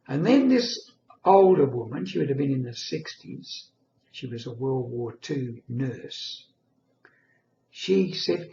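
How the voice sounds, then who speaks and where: Old man in his 80s telling a story real slow, gravelly voice, dull echoey room. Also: medium pitch, lively intonation, darkish tone, slight background noise. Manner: slow, earnest, reflective. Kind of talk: personal reminiscence monologue.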